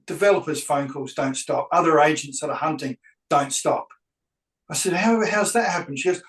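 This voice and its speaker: A man's voice: on the high side, fairly quick, reverberant, far from the mic, rough recording. A man, a real estate agent, tells a story animatedly and acts out both sides of the dialogue. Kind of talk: anecdotal storytelling.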